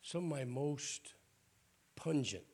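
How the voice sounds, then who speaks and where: Southern bishop, older, gravelly and husky, joking and animated from the pulpit. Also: male voice, mid-range voice, moderate pace. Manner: folksy, joking, animated preaching. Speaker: bishop preaching. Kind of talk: sermon.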